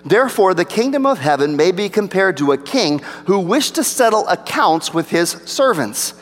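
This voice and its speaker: A pastor preaching a sermon, rising for emphasis and dropping to a low hush. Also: male voice, very animated, normal speed. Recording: long reverb of a large hall.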